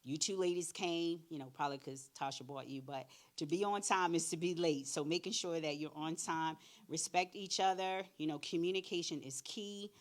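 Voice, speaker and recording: A middle-aged woman, her voice low and full in the chest. She tells stories in an animated way, putting on the voices of the other people, and gives frank advice in a direct, plain-spoken way. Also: moderate pace, few pauses. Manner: animated storyteller, acts out both sides of conversations. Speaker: career readiness speaker. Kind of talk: church workshop talk with acted-out anecdotes.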